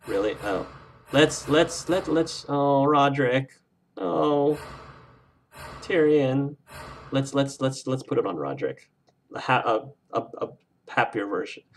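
Male game streamer, lowish voice, casual and effusive, wears his feelings on his sleeve. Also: slight background noise. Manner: effusive and emotional, gushing about the game. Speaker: let's play streamer. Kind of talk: casual livestream chat with viewers.

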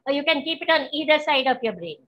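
A woman leading a guided healing practice, gentle and instructive, often checking that her listeners follow. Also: high-pitched, lively intonation, fast talker. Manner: gentle, instructive, asks for confirmation. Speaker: spiritual teacher. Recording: dull, lo-fi.

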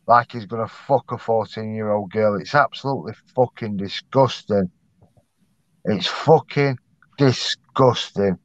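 A man's voice: mid-range voice, a bit bright, no echo, lo-fi sound. A man ranting angrily in commentary, swearing hard and often asking "do you know what I mean".

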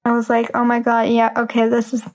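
A woman's voice: fairly high pitch, monotone, brisk, soft background music, poor audio. A woman telling a personal story in a chatty, casual way, with short laughs between lines.

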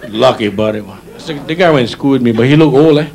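Speaking fast at medium pitch with some vocal fry, a middle-aged comic with a Hawaiian Pidgin accent works the crowd, teasing and chatting with audience members. He's live on a hotel showroom stage, and the recording carries the audience's laughter and noise.

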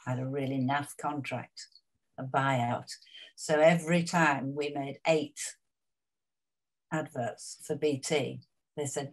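A woman's voice: rumbling low, steady tone, takes it slowly, pauses often. An older actress reflecting on her career in an interview, chatty and anecdotal, with many asides.

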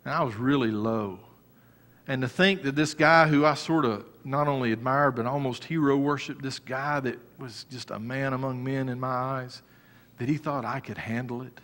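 A man preaching a sermon as pastor, moving between raised exhortation and quiet personal storytelling. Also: medium pitch. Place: church sanctuary. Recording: church hall reverb.

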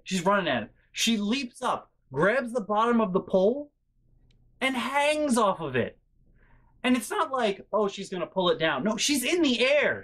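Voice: mid-range voice, a bit bright. Rambling, exasperated storytime vlogger. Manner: rambling, filler-heavy, swears freely. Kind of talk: casual storytime monologue. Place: bedroom at home.

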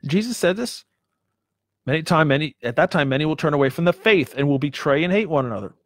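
A man's voice: a little high, lively intonation, fast talker, dry recording. Emphatic male preacher, dry sound. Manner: emphatic, repeats himself, asks the listeners rhetorical questions. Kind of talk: sermon.

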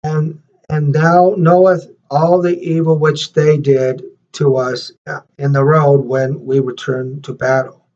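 A man, a minister and host, leading prayer and reading scripture in a halting way, repeating words with many fillers. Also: a little high, little pitch movement. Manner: reads scripture slower and louder. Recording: dull lo-fi recording.

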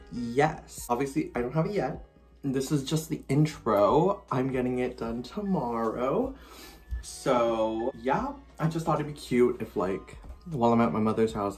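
Young man, YouTuber, casual vlog chat, gushing and excitable, mid-pitched voice, faint music underneath. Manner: bubbly, gushing, full of "like" fillers.

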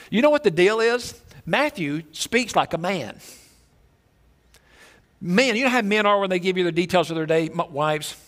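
Animated, high-voiced male pastor preaching. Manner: animated storytelling with many repeats and restarts. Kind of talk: sermon. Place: church sanctuary.

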